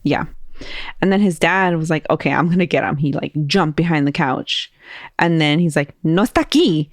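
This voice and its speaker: A woman hosting a podcast, telling a spooky story in a casual, animated way and acting out the voices of people in it. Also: deep voice, normal speed, no room sound, studio quality. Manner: animated, laughing, acts out quoted voices.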